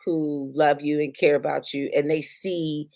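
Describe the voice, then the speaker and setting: A woman's voice: low-pitched, little pitch movement, unhurried, a little mellow, no room sound, clean studio sound. A woman co-hosting a podcast, chatting casually and explaining her point in earnest, repeated phrases. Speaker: podcast co-host. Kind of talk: casual chat.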